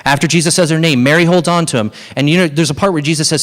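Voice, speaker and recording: Preaching on Easter, this male pastor talks fast in a slightly high voice, spinning stories conversationally and animatedly as his emphasis builds.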